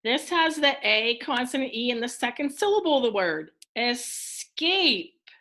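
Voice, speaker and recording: A woman teacher giving a recorded phonics lesson to young children, speaking in an encouraging way and enunciating each word clearly. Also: a little high, very animated, unhurried, pushed and bright. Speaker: elementary school teacher.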